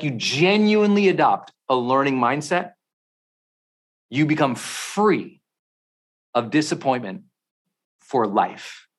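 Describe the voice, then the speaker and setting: Intense motivational male speaker. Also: a little high. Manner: intense, storytelling, swings from quiet to shouting. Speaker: podcast host. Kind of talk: motivational talk.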